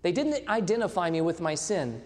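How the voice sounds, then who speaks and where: A man's voice: sits high, big pitch swings, normal speed, darkish tone. A man in his thirties preaching a sermon, telling a story with quoted dialogue and putting questions to the congregation. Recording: long hall reverb.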